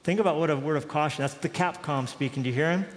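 A man preaches in a loose, conversational style, and his fairly high voice lifts when he acts out dialogue. A long reverb trails behind each phrase, as if he stands in a large hall. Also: quick pace, a little hiss or hum. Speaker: pastor. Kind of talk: sermon.

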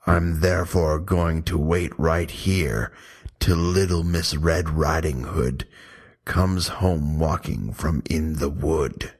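A man voicing a hungry, sly big bad wolf in a comic poem reading, drawn out and low. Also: slow, heavily acted. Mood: greedy.

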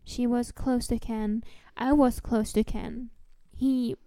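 Mellow-voiced woman player, dry sound. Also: fairly high pitch, fairly even intonation, takes it slowly, no room sound. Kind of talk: playing a character in a tabletop game.

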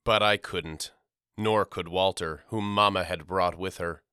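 A man reads a novel in first person, measured and somber. His voice is lowish yet bright and smooth. It is recorded dry and close to the mic. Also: fairly even intonation, no echo. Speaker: audiobook narrator. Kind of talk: scripted first-person narration.

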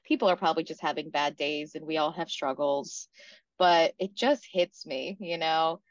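A woman's voice: low-pitched, moderate pace, dry recording. A woman comedian guest on a podcast, chatting casually in a self-mocking, laughing way. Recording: dull dry audio.

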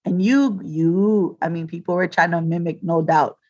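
A man, co-hosting a podcast in a rambling, halting way, often restarting his sentences. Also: fairly high pitch, darkish tone, muffled recording. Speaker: podcast co-host. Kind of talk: casual chat.

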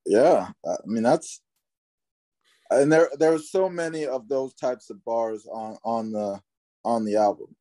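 A man's voice: mid-range voice, unhurried, warm tone. An easygoing man talking things over on a podcast, with a mid-range voice. He agrees readily and often stops to restart a thought. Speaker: podcast co-host. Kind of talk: casual chat.

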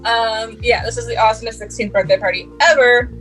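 A woman's voice: a little high, steady tone, a little fast, a bit bright, soft background music, rough recording. A woman co-hosting a podcast, chatting in a playful, teasing way. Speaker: podcast co-host. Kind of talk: casual chat.

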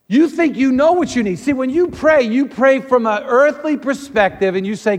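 A male pastor with a high voice delivers an animated sermon in a church hall. He acts out the voices of people he quotes as he goes, and a long reverb trails after his words. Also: normal speed.

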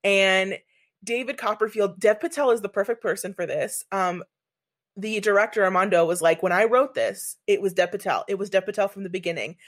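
A woman's voice: medium pitch, fairly quick. A woman chatting casually about films, enthusiastic and rambling, swearing freely as she goes. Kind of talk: casual chat.

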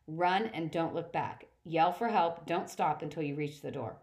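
A woman's voice: low-pitched, normal speed, vocal fry, a little mellow. A woman voicing a frightened mother in a storybook reading, speaking in a tight, strained, pleading way. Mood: urgent. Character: frightened mother protecting her son.

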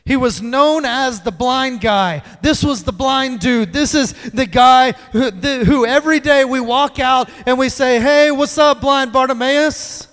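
A man with a high voice preaches a sermon. He swings from loud, emphatic lines to hushed ones. His voice trails off into a long reverb in a church hall. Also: measured pace, few pauses.

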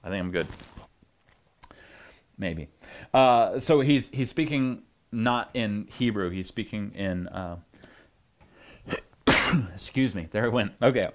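A man's voice: lowish voice, slow pace, long pauses. A man preaching as a pastor, teaching in a casual way with joking asides and frequent restarts.

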